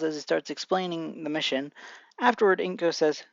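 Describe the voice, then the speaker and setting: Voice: mid-range voice, normal speed, a little mellow, no echo, muffled recording. A fan-fiction narrator telling a what-if story in a casual amateur style, restarting and stumbling over words, with chatty asides.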